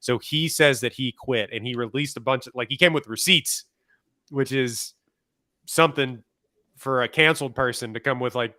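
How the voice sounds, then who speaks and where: A young man co-hosting a podcast and chatting casually in a gossipy, wry way. His voice is smooth and resonant. The sound is dry and close. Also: medium pitch, moderate pace, bright, forceful tone, dry recording. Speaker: podcast co-host. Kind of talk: casual chat.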